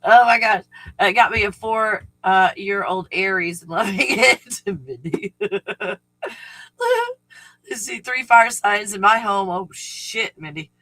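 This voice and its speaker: A man's voice: sits high, slow pace, pushed and bright, no room sound, rough recording. A man hosting a casual live stream, rambling through stories, laughing often, swearing freely and greeting viewers by name.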